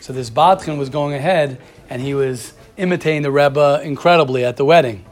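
A man leads a religious study class in a casual, animated lecture, telling stories and calling on students by name. His voice runs a little high and he speaks briskly.

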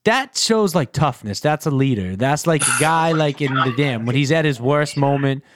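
A man hosting a casual sports podcast, talking in a relaxed, rambling way with lots of fillers. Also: mid-range voice, moderate pace, noisy background. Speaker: podcast host.

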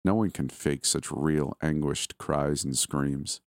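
Low deep-voiced guy reading a creepy story, steady, dry close mic. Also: slow, no echo. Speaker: horror story narrator. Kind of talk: scripted first-person horror narration.

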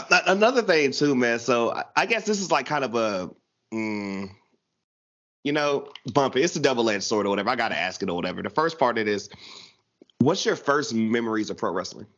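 A man with a Southern US accent hosts a casual podcast, talking in slangy, animated bursts. His pitch moves around a lot and he talks fast. The audio sounds a bit dull and lo-fi. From American South. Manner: animated, slangy, drawn-out phrasing. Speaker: podcast host.

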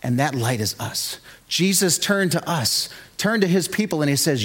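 Guy pastor preaching, kinda higher voice, gets loud and animated telling stories. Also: normal speed, few pauses. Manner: animated storytelling, builds to shouts. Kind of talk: sermon.

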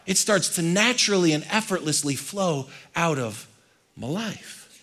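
A male pastor delivers a sermon in a lively, conversational manner. His voice sits fairly high, and he swings from loud, energetic lines to quiet ones. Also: unhurried.

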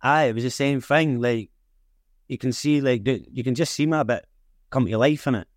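A man's voice: medium pitch, normal speed, no room sound, studio quality. A man with a broad Edinburgh Scots accent, talking frankly as a guest in a casual interview. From Edinburgh, Scotland. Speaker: guest filmmaker and rapper.

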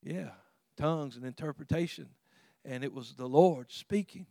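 A man's voice: normal speed, creaky, dark tone, no echo, clean studio sound. Earnest man preaching a sermon. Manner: conversational, earnest, with repeated restarts and sudden rises in pitch and volume. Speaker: pastor.

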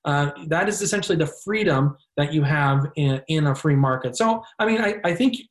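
Man with a higher voice explaining. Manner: measured, explanatory, filler-heavy. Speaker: guest. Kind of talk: casual political discussion.

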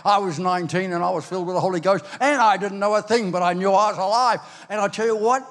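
Older pastor preaching, high-ish voice, acts out the voices, echoing hall. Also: male voice, normal speed. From Ireland. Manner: animated storytelling, acts out quoted voices, swings loud and soft. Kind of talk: sermon. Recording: long hall reverb.

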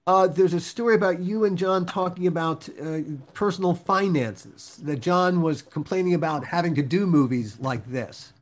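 A man with a somewhat high voice hosts the interview. He asks questions haltingly, often stumbling and repeating himself. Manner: halting, repeats words, chuckles. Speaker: podcast host, interviewer. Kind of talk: interview conversation.

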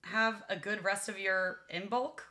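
Bright-toned woman co-host in her thirties, casual, cusses a lot. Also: mid-range voice, steady tone, measured pace. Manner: casual, reactive, swears freely. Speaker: podcast co-host. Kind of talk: casual chat.

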